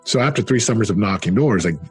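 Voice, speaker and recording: A middle-aged man telling his life story in an interview, earnest and emphatic, slowing down on key phrases. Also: fairly low pitch, animated, breathy edge, soft background music. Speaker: interview guest, former football player and speaker.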